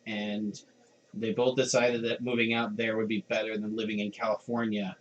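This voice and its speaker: A man's voice: on the low side, little pitch movement, moderate pace, muffled recording, slight background noise. A man co-hosting a podcast, chiming in with short, dry remarks. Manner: dry, short interjections, laughs easily. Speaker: podcast co-host. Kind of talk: casual chat.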